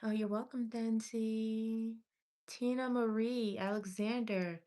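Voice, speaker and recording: On a livestream, a woman does one-card tarot readings, reading viewers' names and questions aloud as she scrolls through chat. Her voice sits a little high with fairly even intonation and a warm tone, and she calls people honey and sweetie. She speaks loosely, with pauses and small restarts.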